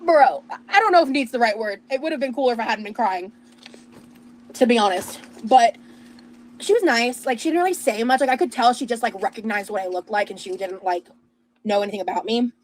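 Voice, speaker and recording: A woman's voice: fairly high pitch, a little fast, a little hiss or hum, rough recording. A young woman telling a rambling personal story in casual chat, with lots of fillers and restarts. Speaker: streamer and podcast host.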